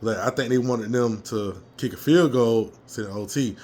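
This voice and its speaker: A man telling a fired-up story from a football game he attended, his voice a little hoarse, swearing freely and jumping into loud reenactments. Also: medium pitch, normal speed, slight background noise. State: slightly hoarse. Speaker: fan commentator. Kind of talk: casual fan rant.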